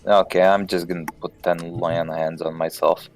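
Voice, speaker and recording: A man's voice: low-pitched, flat delivery, moderate pace, faint music behind. A man playing a tabletop game, sighing and unsure, cracking dry jokes. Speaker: player. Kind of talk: casual chat during a game.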